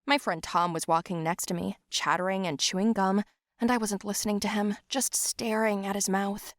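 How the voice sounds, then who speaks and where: A woman narrating a first-person animated story with expressive, animated delivery. Her pitch sits in the middle range. The recording is dry and close. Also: moderate pace, no room sound.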